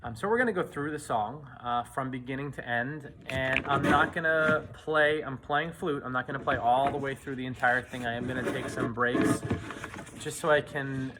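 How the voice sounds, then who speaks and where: Band teacher scatting rhythms. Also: male voice, medium pitch, moderate pace, heavy background noise. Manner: scats rhythms on syllables between instructions. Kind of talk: casual music rehearsal lesson.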